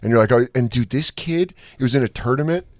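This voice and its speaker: Profane storytelling podcast host. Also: male voice, medium pitch, quick pace, dry recording, clean studio sound. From Colorado. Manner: animated, profane storytelling with voiced impressions. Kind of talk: casual podcast chat.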